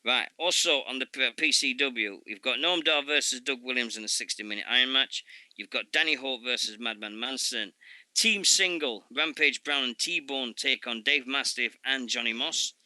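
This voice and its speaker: A man hosting a casual radio show, reading event listings in a halting way full of fillers and asides. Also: mid-range voice, sharp tone, no echo.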